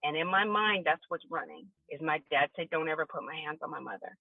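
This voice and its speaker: A woman's voice: sits low, brisk, vocal fry, no echo. Brief: woman guest, candid emotional testimony, dry phone-line sound. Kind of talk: personal testimony in a podcast interview.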